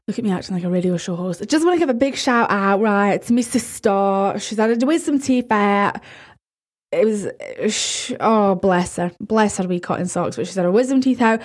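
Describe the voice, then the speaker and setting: A Scottish woman hosting a podcast, chatting in a bubbly, rambling, excitable way. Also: mid-range voice, normal speed. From Scotland. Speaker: podcast host. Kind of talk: casual chat.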